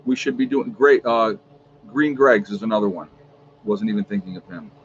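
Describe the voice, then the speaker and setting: A man's voice: lowish voice, normal speed, muffled recording, slight background noise. A man hosting a casual home livestream, rambling easily and reading off viewers' locations one after another. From New York. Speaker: livestream host. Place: at home with a fan running.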